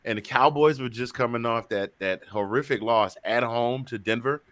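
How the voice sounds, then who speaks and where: A man's voice: medium pitch, moderate pace, fairly bright tone, no echo. A man hosting a casual sports talk show, chatty and joking, often repeating himself. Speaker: show host.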